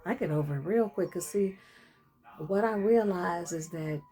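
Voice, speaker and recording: A woman's voice: mid-range voice, animated, moderate pace, dark tone. Chatty middle-aged woman vlogging. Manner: chatty, emphatic, laughs often, slangy. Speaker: vlogger caring for her mother-in-law. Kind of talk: casual reflective monologue.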